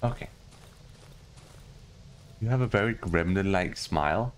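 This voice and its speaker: Man, from Denmark, gaming commentary, goofy, low voice, faint background noise. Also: unhurried. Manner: goofy, talks to game characters, jumps into high squeals. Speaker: gaming streamer. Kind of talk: casual gameplay commentary.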